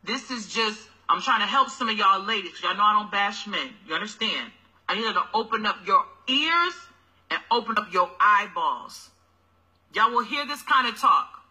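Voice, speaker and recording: A woman's voice: medium pitch, a little fast, low-quality recording. Sassy preacher-like woman host. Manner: animated, exhorting, sassy, preacher-like. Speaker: host of a livestream talk show. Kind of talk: preachy casual livestream talk.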